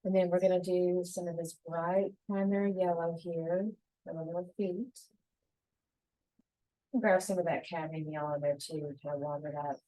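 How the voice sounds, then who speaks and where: Woman walking you thru a painting step by step, mellow lowish voice, dry close sound. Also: creaky, dry recording, poor audio. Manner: calm, gentle, talks through each brushstroke. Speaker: painting instructor.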